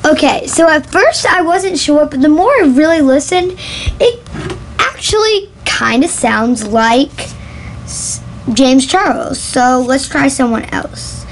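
Slow, high-voiced chatty young woman. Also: lively intonation, a little hiss or hum, low-quality recording. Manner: chatty, giggly, self-conscious. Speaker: vlogger testing a voice app. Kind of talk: casual chat to camera.

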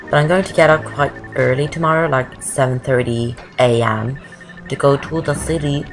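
A woman's voice: very deep voice, moderate pace, poor audio. A woman giving casual, rambling commentary over a video game walkthrough, often wandering off topic. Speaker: gameplay commentator. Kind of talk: casual Let's Play commentary. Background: game music.

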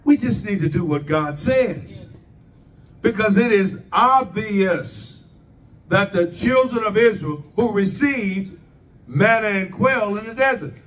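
A man's voice: high voice, expressive, slow, a bit bright, far from the mic, slight background noise. A man preaching a sermon, asking the congregation rhetorical questions and drawing their responses.

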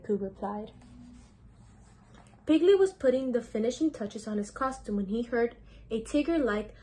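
A woman's voice: on the high side, expressive, moderate pace, dark tone. A teenage girl reading a children's storybook aloud as a mentor, sometimes stumbling and restarting words. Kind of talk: children's book read-aloud.

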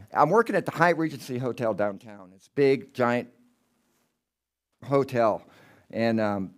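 Telling ghost stories in a loose, meandering way, this middle-aged man speaks at medium pitch. Tangents pull him off course, and his delivery shifts from excited bursts to quiet, hushed passages.

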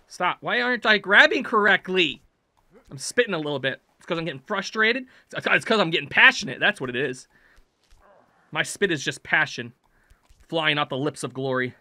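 A man doing let's play commentary, yelling at his character and swinging from muttered self-talk to loud shouts. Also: a little high, expressive, fairly quick, no room sound, studio quality. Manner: jokey self-talk while playing. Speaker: gaming channel host.

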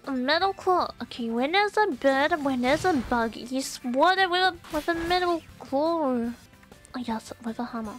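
A young woman streaming a video game live, chatting to viewers with excitable gasps and squeals. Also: high-pitched, measured pace, faint music behind. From Australia. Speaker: VTuber streamer. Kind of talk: gameplay live stream chat.

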